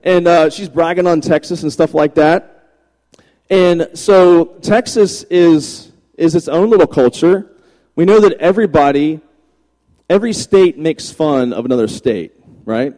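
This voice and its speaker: Pastor guy from virginia cracking jokes mid sermon, kinda high mellow voice, big echoey church hall. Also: measured pace. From Virginia, USA. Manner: chatty, joking, animated anecdotes. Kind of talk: humorous sermon storytelling. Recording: long reverb of a large hall.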